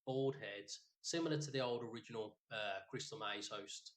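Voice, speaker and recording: A man co-hosts a podcast, casually chatting his way through a rambling tale laced with swearing and told with animation. His pitch sits on the low side, and his pace is moderate.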